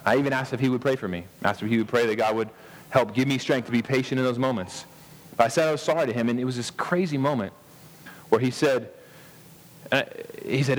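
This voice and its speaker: Man, thirties, pastor, earnest sermon, emphatic pauses, restarts. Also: medium pitch, in a large hall.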